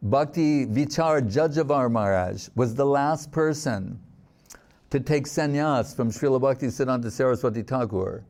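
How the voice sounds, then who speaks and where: A man giving a spiritual sermon, telling stories in a reflective, unhurried way and reciting verses. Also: mid-range voice, darkish tone. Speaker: swami giving a spiritual talk.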